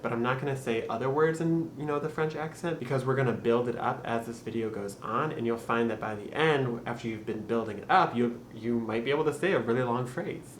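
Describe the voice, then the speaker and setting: A young man with a Michigan accent hosting a casual accent tutorial, upbeat and laughing often, slowing down to spell out practice phrases. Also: mid-range voice. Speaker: YouTube host teaching accents. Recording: echoey room with faint noise.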